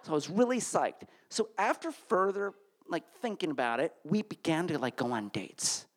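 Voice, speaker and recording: A man from Connecticut tells a funny personal story live on stage, and his voice climbs and swoops widely as he goes. His delivery is animated, and it shoots up high whenever he recounts a flustered moment. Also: moderate pace.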